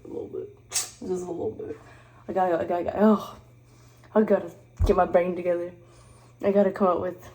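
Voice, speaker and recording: A woman's voice: medium pitch, dark tone. A young woman vlogging in casual chat to camera, rambling and jokey, mocking herself and swearing freely. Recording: roomy, distant, faint background noise.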